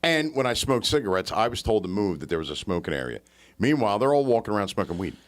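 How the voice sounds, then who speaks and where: A man with a very low voice talks bluntly in casual podcast chat, swearing and asking pointed questions. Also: big pitch swings, fast talker. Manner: blunt, profane, asks questions.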